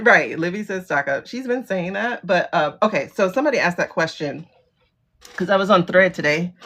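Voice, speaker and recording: A woman's voice: on the low side, a bit bright. A middle-aged woman hosting a tarot livestream, talking casually and bluntly, swearing and laughing often. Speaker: livestream host doing tarot readings.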